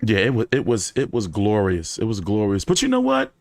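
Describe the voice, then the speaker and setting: A man hosting a casual fan chat, telling stories in an animated, profane way with many fillers. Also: on the low side, a little fast, gravelly, no room sound, clean studio sound. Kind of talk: casual storytelling to a live chat.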